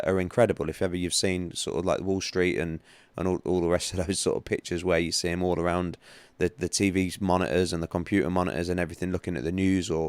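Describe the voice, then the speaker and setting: A man's voice: low-pitched, no echo. A man hosting a casual livestream about trading, rambling and chatty with many restarts. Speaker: livestream host, trading analyst.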